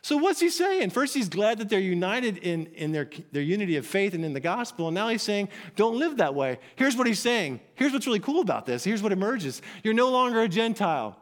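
A man's voice: high-pitched, very animated, fairly quick, hardly any pauses. A man preaching a sermon from scripture, earnest and emphatic, often repeating phrases. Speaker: pastor.

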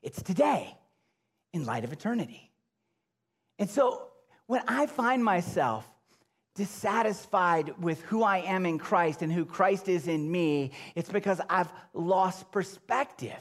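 A middle-aged man preaching a sermon as pastor, swinging between loud emphatic bursts and low hushed lines. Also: animated, a little slow.

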